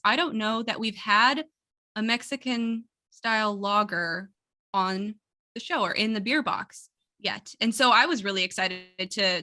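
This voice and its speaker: Bright, upbeat woman co-hosting a podcast. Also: medium pitch. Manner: upbeat, chatty, laughs easily. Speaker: podcast producer and co-host. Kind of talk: casual podcast chat.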